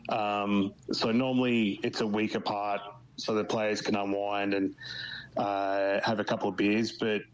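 Halting Australian man, flat low voice. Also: rough recording. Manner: halting, many fillers and restarts. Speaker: guest, football club official in Canada. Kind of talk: phone-in radio interview.

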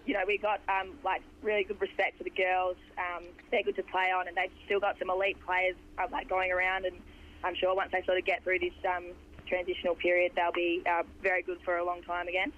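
A young Australian woman with a hoarse voice, a footballer chatting in a rambling way with lots of fillers during a phone interview. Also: fairly low pitch, monotone, fairly quick. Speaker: footballer guest. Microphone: phone line. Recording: dull phone line.

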